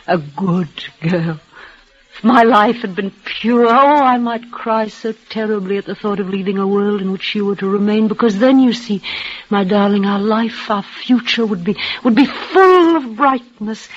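An actress voicing a dying, devoted young woman in an old radio drama, speaking in breathless, halting, emotional bursts. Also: medium pitch, close to an everyday voice. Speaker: leading lady in a radio play. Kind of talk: 1940s radio acting. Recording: dull lo-fi old radio recording.

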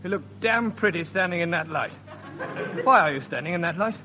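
A man's voice: high-pitched, expressive, brisk, pushed and bright. A man announcing and acting in radio sketch comedy with a plummy announcer delivery. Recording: dull old radio recording with music.

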